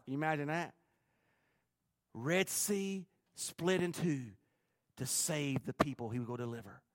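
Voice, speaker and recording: A man preaching a sermon with animated, joking, emphatic storytelling. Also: a little high, no room sound. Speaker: pastor.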